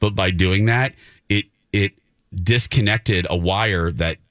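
A man's voice: low voice, takes it slowly, dry recording, studio quality. A middle-aged male host telling a story in a casual, theatrical way and acting out the quotes. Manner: animated, theatrical, acts out quotes. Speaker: radio show host.

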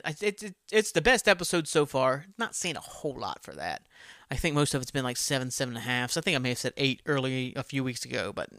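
Podcast host, male, rambling and foul-mouthed, bright edge, close dry sound. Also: mid-range voice, dry recording. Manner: rambling, profane, self-deprecating. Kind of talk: casual solo podcast chat.

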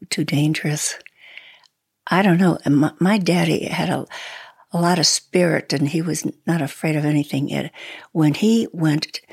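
Older woman guest, eighties, husky and slow, soft-spoken, gravelly edge. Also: deep voice, no echo. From Sweden. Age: 80s. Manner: soft-spoken, halting, laughs often. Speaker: interview guest. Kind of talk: reminiscing conversation.

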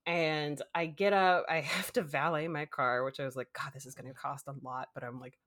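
A woman's voice: low voice, moderate pace, hardly any pauses, sharp tone. A woman co-hosting a podcast, casually telling a long story, acting out quotes and laughing often. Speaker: podcast co-host.

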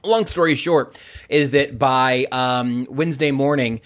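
A man's voice: medium pitch, unhurried. A male podcast host chatting casually over a video call, rambling with fillers and self-deprecating jokes.

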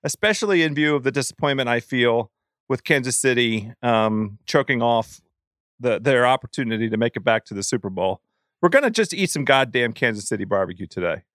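A man hosting a podcast, chatting casually about food, animated and laughing, with stumbling restarts. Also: mid-range voice, fairly quick, dry recording, studio quality. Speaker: podcast host.

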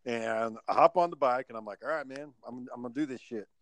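A man's voice: medium pitch, fast, dry recording. A man telling a story in casual podcast chat, cursing freely and acting out his own past lines. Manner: swearing, animated storytelling.

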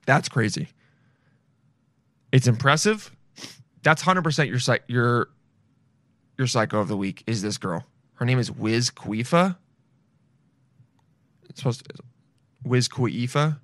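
A man's voice: medium pitch, animated, unhurried, long pauses, fairly bright tone, no echo. A young adult man hosting a podcast, rambling through blunt, crude, jokey commentary in a casual chat. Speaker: podcast host.

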